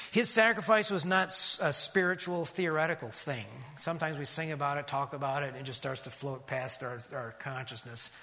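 A man preaching a sermon as pastor, emphatic and rhythmic, dropping to a hush on key words. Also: fairly high pitch, long reverb tail.

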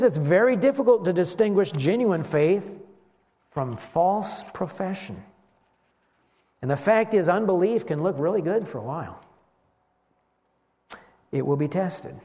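A man delivers a sermon with a lively, high-pitched voice that swoops up and down. He often slows almost to a halt to stress single words. The sound carries a long reverberant hall tail. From West Michigan. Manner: animated preaching, slows for emphasis. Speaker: pastor.

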